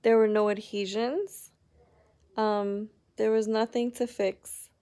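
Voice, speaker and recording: A young adult woman rambles candidly through a personal story for her casual vlog, peppering it with "like" and sounding upset. Her voice sits on the high side, warm, with a level tone and a slow pace.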